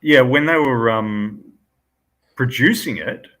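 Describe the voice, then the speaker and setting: An Australian man co-hosting a casual live-stream chat, speaking hesitantly with many pauses and short laughs. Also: mid-range voice, fairly bright tone, rough recording. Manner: hesitant, lots of ums and quick laughs. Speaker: co-host.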